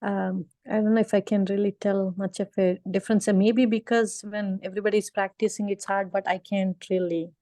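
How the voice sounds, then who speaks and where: A woman's voice: medium pitch, level tone, fairly quick, hardly any pauses, dark tone, no echo. A woman student in an online class, hesitantly asking her teacher about a chanting question. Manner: hesitant, searching for words. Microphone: video call.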